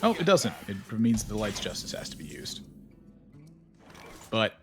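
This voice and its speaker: A man casting a card game tournament live, chatty and prone to sudden high exclamations. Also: unhurried, music in the background. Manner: excitable, jumps into high exclamations. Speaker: esports caster.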